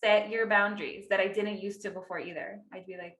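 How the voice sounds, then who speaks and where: Thirties woman, podcast co-host, chatty and animated, crisp bright tone, echoey room. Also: medium pitch, a little fast, hardly any pauses. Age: 30s. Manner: chatty, lots of "like" fillers, acts out quotes. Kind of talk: casual chat.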